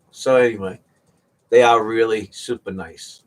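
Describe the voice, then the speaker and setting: A middle-aged man hosts a live auction stream, chatting casually and wandering through joking stories while laughing a lot. His medium-pitched voice has lively intonation, a slightly slow pace, and a breathy edge.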